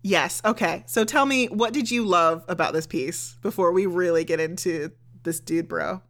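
A woman's voice: lowish voice, normal speed, fairly bright tone. A woman in her thirties hosting a podcast, discussing a book in a wry, playful way. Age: 30s. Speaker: podcast host.

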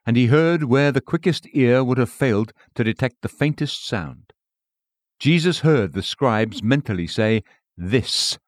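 A man's voice: medium pitch, animated, a little slow, no room sound, clean studio sound. A man preaching a sermon to a congregation in a solemn, rhythmic cadence.

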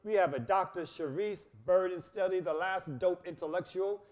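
A man's voice: high voice, normal speed, a little mellow. A male show host in casual chat, loose, profane and joking, who stretches out long questions.

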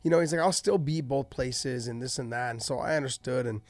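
A man in casual chat, telling fight stories with animated energy and freely swearing. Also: mid-range voice, a little fast, no room sound. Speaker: podcast co-host and former fighter.

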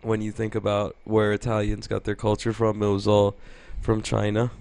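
A man's voice: on the low side, completely flat delivery, moderate pace, vocal fry, a little mellow, no room sound. A young man co-hosting a podcast in casual chat, rambling and joking crudely. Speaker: podcast co-host.

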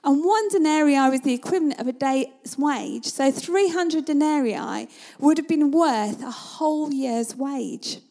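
A woman preaching a sermon in a conversational, storytelling manner, at times dropping to a hush. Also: high-pitched, unhurried. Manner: conversational, vivid storytelling, sometimes drops to a hush.

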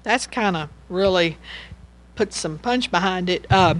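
A woman's voice: lowish voice, measured pace, slight background noise. A woman giving a casual Bible teaching, rambling and chatty, and she laughs as she tells stories.

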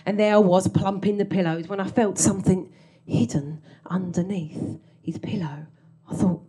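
A woman's voice: mid-range voice, fairly even intonation, normal speed, dark tone, slightly rough. A woman telling a comic story from her own life on stage, wry and self-mocking, often laughing through her lines.

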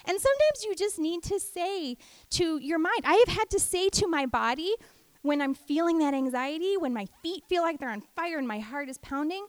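A middle-aged woman teaching a devotional talk, an animated storyteller. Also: very high-pitched, normal speed, no echo. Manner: animated storyteller who acts out family voices. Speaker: women's ministry teacher.

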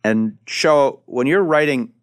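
A man hosting a comedy podcast who steers the talk with calm, measured questions. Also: mid-range voice, clear, resonant tone. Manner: measured, asks the others questions. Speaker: podcast host leading the discussion. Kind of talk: casual discussion of sketch comedy.

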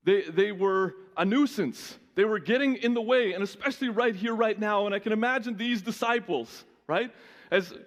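Guy pastor preaching casual and lively, high voice, long church reverb. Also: normal speed. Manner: lively, conversational preaching with frequent restarts. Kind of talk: sermon.

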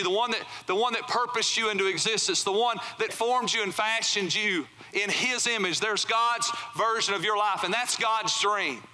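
A high-pitched man with a sharp tone delivers a sermon from a church sanctuary. The pastor keeps it conversational and frequently checks in with his congregation by asking "right?"

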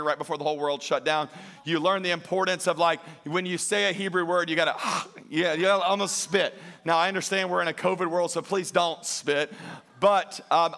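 A man with a high, bright voice preaches with a lilt. He pushes hard into loud, emphatic peaks, then drops to soft, joking asides with his congregation. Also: gravelly. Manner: emphatic, rises to near-shouting peaks and drops to quiet asides; jokes with the congregation. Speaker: pastor. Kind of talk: sermon.

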